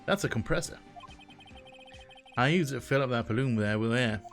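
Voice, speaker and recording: A man's voice: medium pitch, moderate pace, soft background music, close to an everyday voice. A man putting on a laid-back Southern US accent to voice a grown male game character, drawling his words.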